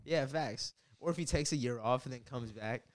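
A man's voice: medium pitch, normal speed. A young man in casual crude chat, slangy and trailing off.

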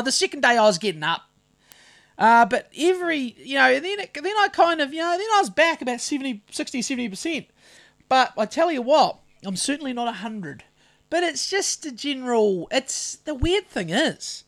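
A man's voice: extremely high pitch, animated, a bit bright. A middle-aged man with a New Zealand accent chats loosely on a podcast. He rambles, trails off, and restarts his sentences as he goes. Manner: rambling, halting, many restarts. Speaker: podcast co-host. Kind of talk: casual chat.

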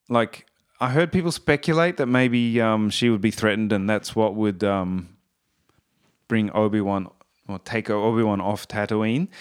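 A man's voice: lowish voice, smooth. A man and musician giving a casual, enthusiastic spoken review, rambling with fillers and restarts.

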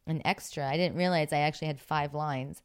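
Middle-aged actress from Pittsburgh, chatty interview guest, very deep and smooth for a woman. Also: fairly even intonation, a little fast. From Pittsburgh, USA. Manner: chatty, many fillers, laughs often. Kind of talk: relaxed interview storytelling.

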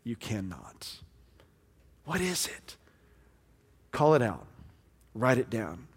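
Pastor preaching in a reverberant hall. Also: male voice, medium pitch, big pitch swings, slow, husky. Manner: conversational preaching, shifting between loud and hushed. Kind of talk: sermon.

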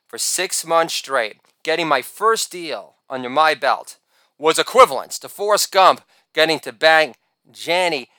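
A man narrating a comic memoir in a wry, rapid-fire storytelling manner, breaking into shouted catchphrase bursts. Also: on the high side, clean tone, no echo.

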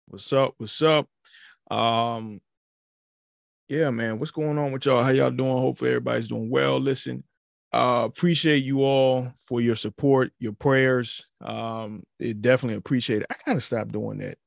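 A man's voice: mid-range voice, fairly even intonation, moderate pace, creaky, no room sound. A young adult man hosting a podcast, chatting loosely and rambling with many fillers on a close mic. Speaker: podcast host. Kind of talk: casual chat.

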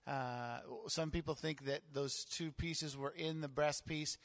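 A male pastor explaining a Bible passage in a relaxed, conversational teaching style with frequent fillers. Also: a little high, a little slow, no room sound.

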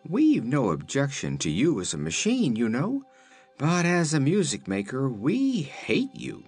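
A man's voice: mid-range voice, wildly swooping pitch, a little slow, darkish tone, husky, soft background music, pitched above the performer's own voice, exaggerated voice. A man voicing a polite, blunt young boy in a storybook reading. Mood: earnest.

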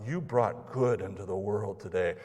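A man's voice: on the low side, moderate pace, darkish tone, breathy edge, in a large hall. A man putting on the voice of a smug, self-satisfied woman who praises herself, in a mocking tone. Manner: preening, mocking.

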